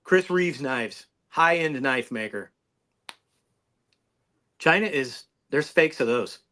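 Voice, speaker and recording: A man's voice: mid-range voice, expressive, takes it slowly, bright, forceful tone. A man who reviews knives, a guest on a podcast, chatting casually and often restarting his sentences. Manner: rambling, restarts mid-sentence.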